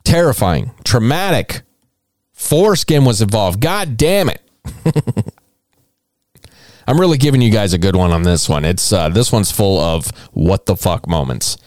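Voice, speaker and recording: A man hosting a comedy podcast, talking in a lively, swooping voice with irreverent, mocking asides and plenty of swearing. The sound is dry and close, with no room around it. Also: lowish voice, a little slow, pauses often, no room sound. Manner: irreverent, mocking, swears often, laughs at own material. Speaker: podcast host.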